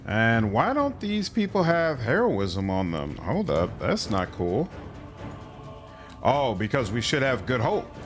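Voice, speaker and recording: Taking his time, a man with a medium-pitched voice that swings hugely in pitch streams a role-playing game. He keeps up laid-back, casual commentary and reads the game text aloud, with faint game music in the background.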